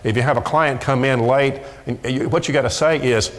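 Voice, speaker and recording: In an echoey church hall, a middle-aged man delivers an emphatic sermon from the sanctuary at a fairly quick clip with few pauses. His voice is medium in pitch, and he repeats words again and again as he presses his argument.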